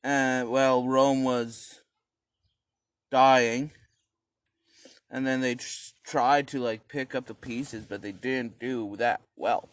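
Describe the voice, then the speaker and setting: A man telling history as a rambling, profane comic monologue, acting out quoted voices with sudden high shouts. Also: steady tone, slow, pauses often, no room sound.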